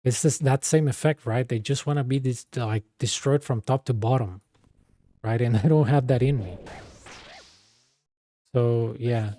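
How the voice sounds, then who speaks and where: A man's voice: medium pitch, unhurried, pauses often, mellow, no echo. A man streaming and coaching a game, telling an exasperated, rambling story full of filler words. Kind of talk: casual storytelling while streaming.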